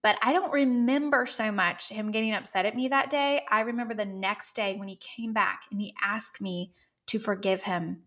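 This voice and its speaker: A woman's voice: mid-range voice, normal speed, a bit bright. A woman in her thirties, an author talking earnestly and reflectively about parenting as a podcast guest. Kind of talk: podcast conversation.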